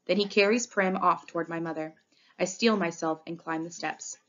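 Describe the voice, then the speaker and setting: A woman narrating a novel in the first person with expressive, dramatic reading, on a dull lo-fi recording. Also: on the low side, moderate pace. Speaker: audiobook reader. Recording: dull lo-fi audio.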